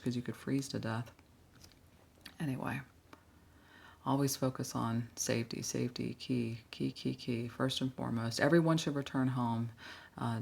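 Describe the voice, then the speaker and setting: A woman's voice: a bass voice, vocal fry, a little mellow, breathy edge. A woman giving casual, blunt reaction commentary on workplace stories, sighing often with exasperated asides.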